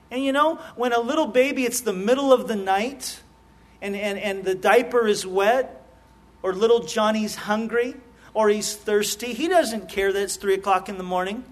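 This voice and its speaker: A middle-aged man preaching a sermon as a pastor, earnest and often restarting his words in quick repetitions. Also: high-pitched.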